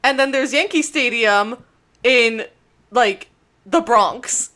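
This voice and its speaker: A woman in casual chat recapping an anime with friends, animated and swearing freely, often restarting her sentences. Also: a little high, slow pace. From New York area.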